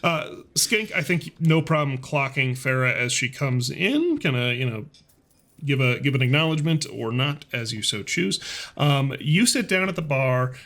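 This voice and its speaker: A man's voice: mid-range voice, animated, moderate pace, a bit bright. A man narrating as game master in a tabletop game, casual and amused, with many fillers.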